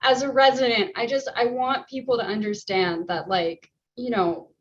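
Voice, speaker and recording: A woman, a resident, giving an emotional personal testimony on a remote call, halting and shaky, with nervous laughs. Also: on the high side, fairly even intonation, muffled recording, a little hiss or hum. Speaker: resident sharing her story.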